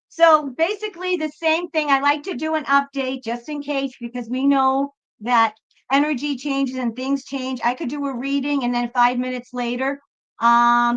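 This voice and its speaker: Speaking in a high, somewhat bright voice over lo-fi audio, a tarot reader runs a livestream, chatting casually and comfortingly with viewers she calls folks.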